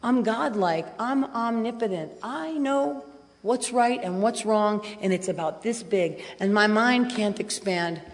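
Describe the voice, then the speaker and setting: A middle-aged woman speaking at a recovery convention, blunt and self-mocking, swinging between quiet and loud. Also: medium pitch, a little slow. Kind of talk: personal share at a convention. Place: large hotel ballroom. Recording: hall reverb from a convention room.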